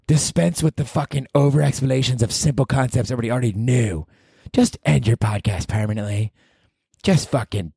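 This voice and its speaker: A man's voice: medium pitch, vocal fry, mellow, breathy edge, no room sound, clean studio sound, pitched above the performer's own voice. A man doing a sneering inner heckler. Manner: sneering, insulting. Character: scornful male inner heckler, insulting and cruel. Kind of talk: comic self-mockery bit.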